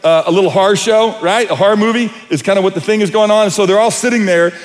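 A man with a fairly high voice preaches a sermon in a big hall, his words trailing in a long reverb. He shifts from earnest explanation into animated storytelling, acting out quotes. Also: quick pace. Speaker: pastor.

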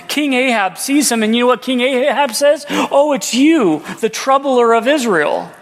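A man with a high voice preaches a sermon and tells the story dramatically, acting out the lines of its characters. His words ring out with a long reverb, as if in a large church. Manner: dramatic storytelling, acting out quotes, rhetorical questions. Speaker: pastor.

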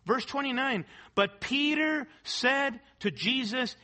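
Pastor guy preaching, high bright voice, keeps asking amen?. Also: normal speed, few pauses. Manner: preaching with call-and-response "amen" and rhetorical questions; reads scripture and quotes aloud, sometimes half-singing a hymn. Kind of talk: sermon.

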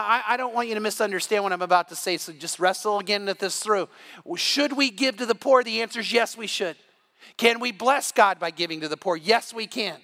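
An older man preaching an evening sermon as pastor, telling animated stories and often restarting his sentences. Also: high-pitched. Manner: animated storytelling with repeated restarts.

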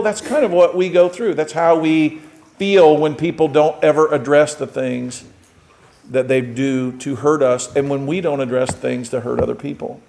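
Male pastor, high voice, chatty sermon delivery with acted-out asides. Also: fairly even intonation, normal speed, creaky, a little mellow, low-quality recording. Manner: conversational, acts out little quoted exchanges.

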